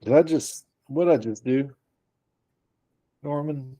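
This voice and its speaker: An easygoing man plays his character in a tabletop game and cracks jokes. His voice is mellow and dark at an ordinary pitch. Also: takes it slowly. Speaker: player. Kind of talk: tabletop role-play chat.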